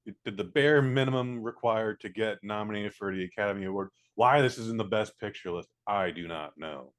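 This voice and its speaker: A man giving a casual spoken movie review, blunt and profane, acting out scenes in quick little voices. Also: lowish voice. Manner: blunt, profane, animated, mimics characters.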